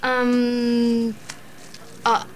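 Polite, hesitant American woman traveler; soft-spoken, faint background hiss. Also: fairly high pitch, completely flat delivery, very slow, rough recording. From United States.

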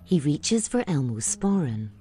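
Low-voiced woman narrating audio description. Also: measured pace, soft background music. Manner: steady, clear, scene-setting.

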